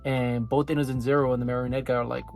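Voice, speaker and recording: A man's voice: medium pitch, flat delivery, fast, creaky, darkish tone, soft background music. Casting male anime reviewer, mid-range voice, loose chatty recap, laughs a lot. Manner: loose, filler-heavy, laughs often. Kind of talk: casual episode recap.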